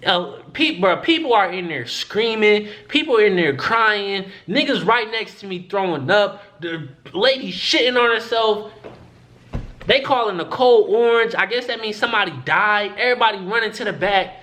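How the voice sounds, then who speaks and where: Animated young man telling a story. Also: sits high, normal speed. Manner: animated, profane, acts out quoted voices. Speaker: vlogger. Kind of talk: casual storytelling to camera.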